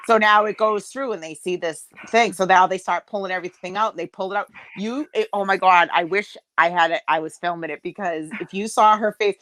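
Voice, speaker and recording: A woman's voice: mid-range voice, a little fast, few pauses, dry recording. Woman, middle-aged, joking storyteller, dry close sound, video call. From Massachusetts. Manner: lively joking storyteller, laughs often. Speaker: host of a group live chat. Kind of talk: casual chat, storytelling.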